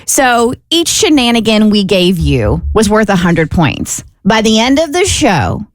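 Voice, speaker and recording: A woman co-hosting a morning radio show, briskly explaining the game rules. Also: medium pitch, very animated, dry recording, clean studio sound. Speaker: radio co-host.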